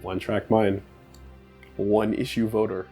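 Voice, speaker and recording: A man's voice: fairly low pitch, flat delivery, slow, dark tone, breathy edge, faint music behind. A man hosting a game playthrough, chatting casually, rambling and joking with frequent laughs. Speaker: host.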